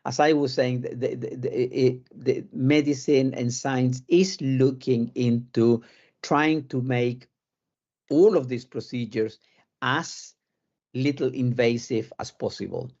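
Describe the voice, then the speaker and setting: A man's voice: medium pitch, slow, darkish tone, lo-fi sound. A male surgeon with a South American and British accent, explaining things in a live Q&A while often repeating words as he searches for them. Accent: South American mixed with British. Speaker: cardiac surgeon guest. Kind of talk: live Q&A interview.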